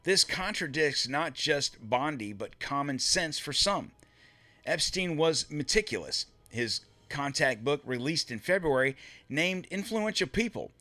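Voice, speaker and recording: A man's voice: medium pitch, sharp tone. A man hosting a solo political commentary show, reading from his script and breaking off to mutter and swear in frustration.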